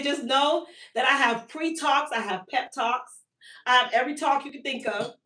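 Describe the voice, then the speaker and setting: A woman in her thirties with a fairly high voice, hosting a casual live sales stream. She tells an animated, long-winded story. She sits back from the mic in an echoey room. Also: recorded from a distance. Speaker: hair care business owner and host.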